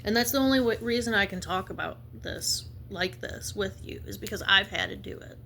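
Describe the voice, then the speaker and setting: A woman giving a spiritual reading in a blunt, fervent way, halting often to restart her sentences. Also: mid-range voice, gravelly, pushed and bright, slight background noise. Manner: emphatic, halting with many restarts; blunt and fervent, slips into slang. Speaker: intuitive reader.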